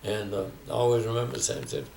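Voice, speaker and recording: Older man, gravelly voice, echoey room. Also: mid-range voice, level tone, fast, a little mellow, distant mic. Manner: reflective storytelling, quoting others. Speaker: interviewee. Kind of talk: oral history interview. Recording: echoey room, faint background noise.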